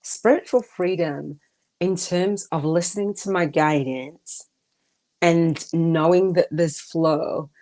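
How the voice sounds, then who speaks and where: Woman, low voice, middle-aged, chatty host, laughs often. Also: slow pace. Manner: warm, chatty, laughs often, many fillers and restarts. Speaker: podcast host. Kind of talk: live-streamed gratitude talk.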